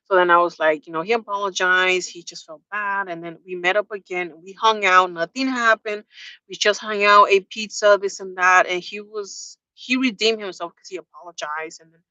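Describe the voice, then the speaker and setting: Young woman spilling a dating story to camera, bright voice, super chatty, dry sound. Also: medium pitch, steady tone, normal speed, dry recording, muffled recording. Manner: chatty, candid, spells out swear words. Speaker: vlogger. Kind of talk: casual storytime.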